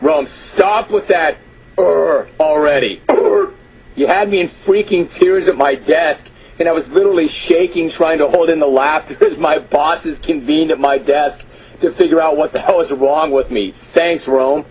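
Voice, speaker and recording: A brash radio talk show host with a slightly high voice, amused and mock-exasperated as he reads listener emails. The sound is dull and lo-fi, like an old radio broadcast. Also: measured pace, a little mellow. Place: radio studio.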